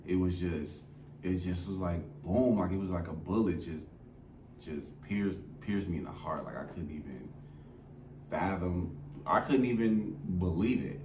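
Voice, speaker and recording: A young man with a very deep voice tells a personal story in loose, slangy talk, sinking soft and low at the hardest parts. He sits back from the mic in a room with a strong echo and a faint hiss. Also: unhurried. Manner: casual and slangy, voice dropping low and soft as he recounts crying. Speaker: podcast co-host. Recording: echoey room, mic at a distance, faint noise.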